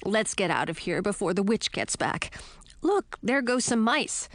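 A woman voicing a grumpy, sarcastic male frog who mutters and drops to a hushed whisper. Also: mid-range voice, big pitch swings, measured pace, no echo. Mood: urgent.

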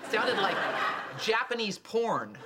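A woman's voice: a little high, sing-song, slow pace, a loud crowd, heavy background noise. An actress playing a middle-aged grandmother who needles her daughter with dry, cutting sarcasm. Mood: scolding. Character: sharp-tongued, scolding grandmother. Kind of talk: sitcom acting.

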